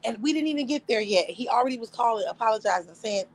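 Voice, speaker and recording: A woman's voice: a little high, fast talker, few pauses, slight background noise, rough recording. A young woman hosting a livestream, telling a story casually, with frequent laughter, profanity. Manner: animated, profane, laughs often. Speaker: livestream host.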